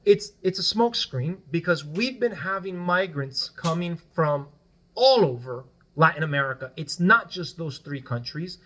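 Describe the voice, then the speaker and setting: A man's voice: high voice, a bit bright. A man whose first language is Spanish, a guest on a casual political podcast. He explains his points at length and keeps checking in with "right?".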